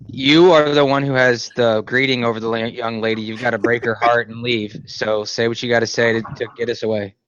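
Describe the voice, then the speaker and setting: A man's voice: medium pitch, little pitch movement, brisk, few pauses, a bit bright, slight background noise. Man, tabletop player, joking and casual, dull lo-fi mic. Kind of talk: casual chat at a tabletop game.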